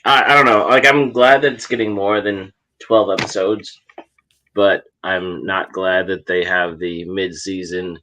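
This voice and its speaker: A man chats casually on a livestream, pausing and trailing off as he tries to recall what he has watched. His voice is low yet bright and forward. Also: fairly even intonation, a little hiss or hum. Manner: hesitant, trailing off while recalling. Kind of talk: casual chat.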